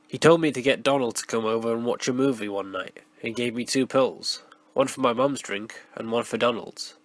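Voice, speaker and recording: A hoarse man with a cold narrating a first-person horror story in a steady storytelling voice, recorded raw on a close mic. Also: medium pitch, no echo. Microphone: raw, unprocessed close mic.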